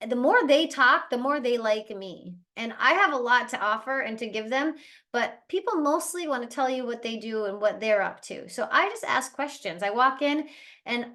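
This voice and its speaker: A woman with a fairly high voice leads a team training over a video call. Her talk is chatty and lively, and she slips into quick impressions of other people. She sounds like an owner coaching her own staff. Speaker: travel agency owner leading team training. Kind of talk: casual motivational training talk.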